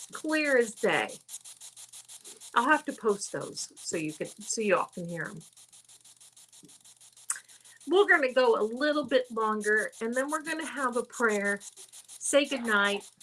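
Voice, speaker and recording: A woman's voice: fairly high pitch, animated, measured pace, pauses often, fairly bright tone, slight background noise, poor audio. A woman psychic hosting a live stream, chatting casually and rambling through stories. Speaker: psychic host.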